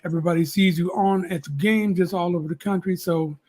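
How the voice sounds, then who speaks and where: A man's voice: high-pitched, steady tone, darkish tone. A man hosting a live talk show, joking around and introducing a guest with hype. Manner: joking, laughs a lot, drawn-out hype intros. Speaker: host. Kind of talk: casual live show chat.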